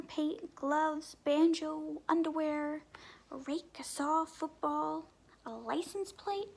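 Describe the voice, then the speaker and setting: Slow gentle woman reading to children. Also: high voice, vocal fry. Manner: gentle questions to young listeners, often dropping to a whisper. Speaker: story time reader. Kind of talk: reading a picture book aloud to children.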